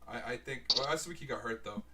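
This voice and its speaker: A man's voice: medium pitch, quick pace, very noisy. A man co-hosting a casual live-streamed show over a video call, laid-back and calling people bro and man. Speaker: podcast co-host.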